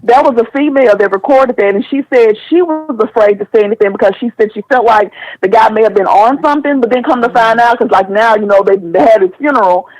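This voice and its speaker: Woman caller, high voice, indignant retelling, dry close sound. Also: quick pace, few pauses, no echo, poor audio. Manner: animated, indignant storytelling. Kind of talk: casual podcast call-in.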